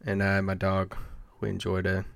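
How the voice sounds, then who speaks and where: A man's voice: low-pitched, completely flat delivery, moderate pace, creaky, fairly bright tone, clean tone, no echo, studio quality. A man co-hosting a casual sports podcast, telling loose, rambling stories with lots of fillers and restarts. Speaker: podcast co-host, team site editor. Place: Dallas area.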